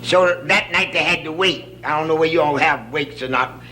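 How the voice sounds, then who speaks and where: A man's voice: on the high side, moderate pace, sharp tone, a little hiss or hum, low-quality recording. A man telling folksy jokes, laughing at his own stories and drawing out the punchlines.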